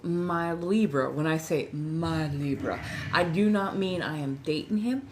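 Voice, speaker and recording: Hosting a laid-back livestream from a friend's place, this fortysomething woman from Southern California has a Californian accent and is a bit tipsy as she chats and rambles. She speaks in a deep voice at a measured pace, with noise in the background.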